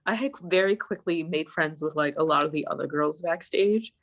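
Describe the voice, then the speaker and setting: Animated, foul-mouthed young woman telling a story. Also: deep voice, moderate pace. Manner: animated, swears often, acts out her own past lines. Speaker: guest. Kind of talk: casual storytelling chat. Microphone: online voice call.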